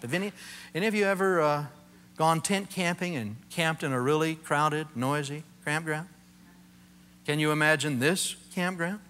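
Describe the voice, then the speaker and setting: A male preacher with a fairly high, bright voice gives a sermon. His pitch swings widely as he tells the story with humor, slipping into the voices of the people he quotes.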